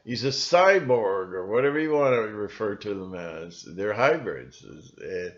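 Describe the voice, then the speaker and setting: A man talking in a rambling solo monologue, halting often with fillers and restarts. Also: on the low side, lively intonation. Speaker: channel host. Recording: dull lo-fi recording.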